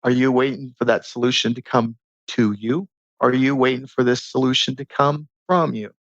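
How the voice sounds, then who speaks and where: A man guest on a podcast, talking in a casual, animated way and teaching through stories and rhetorical questions. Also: mid-range voice, normal speed, no room sound. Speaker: podcast guest, transformation coach. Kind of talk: casual conversational interview. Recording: dull lo-fi sound.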